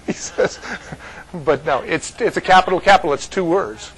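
A man from California teaches scripture to a small group in a loose, joking way, often laughing between points. His voice sits fairly high and swings widely up and down. He keeps it chatty and informal rather than preachy. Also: expressive, normal speed, a bit bright, slightly rough, rough recording. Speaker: Bible teacher.

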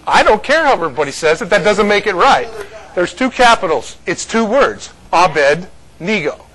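A man from California teaches scripture to a small group in a loose, joking way, often laughing between points. His voice sits fairly high and swings widely up and down. He keeps it chatty and informal rather than preachy. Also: very animated, a little fast, pushed and bright, rough recording. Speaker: Bible teacher.

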